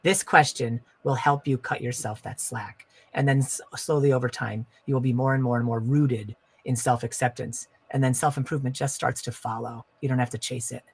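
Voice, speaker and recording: A man with a husky, mid-range voice talks on his wellness podcast. He coaches in an earnest, emphatic way and hammers home key phrases by repeating them. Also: medium pitch, steady tone, moderate pace, few pauses.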